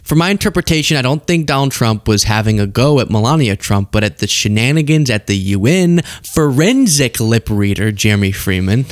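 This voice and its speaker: A man's voice: mid-range voice, animated, a little fast, hardly any pauses. Sarcastic man hosting political commentary. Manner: sarcastic, often laughing.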